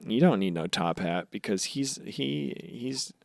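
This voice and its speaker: A man co-hosting a casual podcast, excitable and profane, often acting out characters' lines. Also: fairly low pitch, measured pace, creaky, no room sound, clean studio sound. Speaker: podcast co-host.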